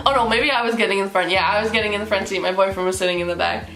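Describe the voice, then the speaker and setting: A young woman vlogger telling a story casually, animated and giggly, full of fillers. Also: mid-range voice, fast talker, slight background noise. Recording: roomy with faint music.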